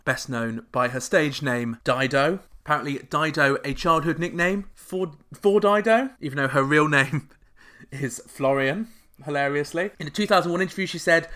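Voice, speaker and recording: A man hosting a comedic podcast, full of sarcastic deadpan asides. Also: a little high, normal speed. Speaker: podcast host.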